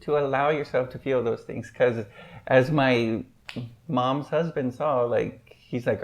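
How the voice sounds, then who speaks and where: A man chatting casually as a podcast guest, rambling and filling every pause with "like". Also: mid-range voice, vocal fry. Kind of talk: casual chat. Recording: muffled lo-fi podcast audio.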